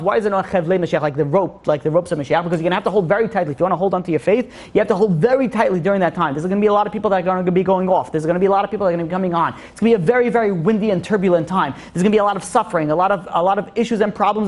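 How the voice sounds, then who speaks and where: A man, a rabbi, giving a rambling Torah lecture full of restarts and fillers. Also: high voice. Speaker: rabbi teaching a class.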